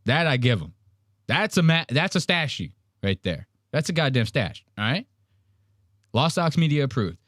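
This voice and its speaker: A man hosting a podcast, reacting to a clip with animated, profane commentary. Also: medium pitch, moderate pace, no room sound, clean studio sound. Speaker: podcast host.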